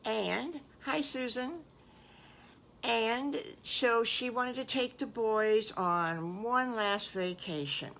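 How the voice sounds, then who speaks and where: Slow, folksy older storytelling woman. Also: a little high, creaky, slight background noise. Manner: folksy, animated, with asides to listeners. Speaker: storyteller grandmother. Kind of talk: improvised children's story narration.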